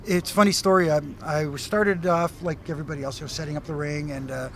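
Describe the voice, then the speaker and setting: A middle-aged Canadian man, a former referee, telling animated stories in a casual interview, with many fillers and restarts. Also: fairly high pitch, fast talker. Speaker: former wrestling referee, guest.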